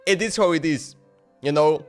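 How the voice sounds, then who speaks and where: High-voiced chatty male streamer. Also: moderate pace, soft background music. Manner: chatty, laughing, talks to chat in broken English. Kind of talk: casual live-stream chat.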